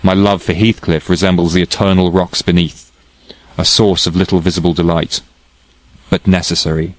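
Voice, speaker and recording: A man's voice: deep voice, little pitch movement, normal speed, dry recording, close to an everyday voice, rough recording. A man voicing a passionate, headstrong young woman in an audiobook reading, delivering her lines in an impassioned, declaiming way. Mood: fervent.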